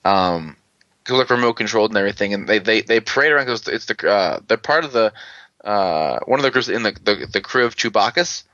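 Guy rambling thru a story in a casual chat, lots of ums and restarts, chuckles a bunch, bright edgy voice, dull lo-fi dry audio. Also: on the low side, expressive, a little fast, no room sound. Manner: rambling, with many fillers and restarts.

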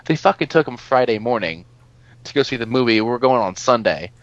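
A man telling a story in casual chat, animated and exasperated, swearing freely and laughing often as he talks. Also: medium pitch, fairly quick, no echo, muffled recording. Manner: laughs often while talking. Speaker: podcast co-host telling a story.

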